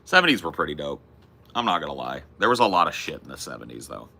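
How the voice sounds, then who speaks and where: A man's voice: very deep voice, big pitch swings, quick pace, gravelly, bright, forceful tone. A man from California, chatting casually and profanely, laughing often. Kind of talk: casual chat with chat.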